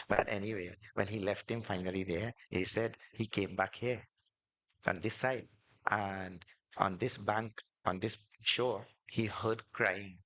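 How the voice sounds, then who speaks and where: A swami, a man, telling devotional stories in a sermon, animated and repetitive, building emphasis as he goes. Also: on the low side, unhurried, no echo. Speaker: swami, spiritual teacher.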